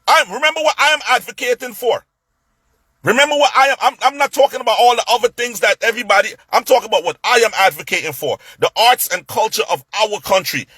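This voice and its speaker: A man telling a story in a casual rant, animated, stumbling over repeated words and acting out what others said. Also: very high voice, fast, slightly rough, no echo.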